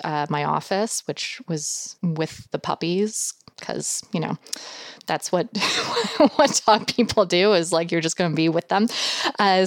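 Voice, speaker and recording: A woman's voice: mid-range voice, clear, resonant tone, dry recording. A woman being interviewed as a guest about her animal behavior work, telling stories in a chatty, rambling way and laughing often. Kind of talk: casual podcast interview storytelling.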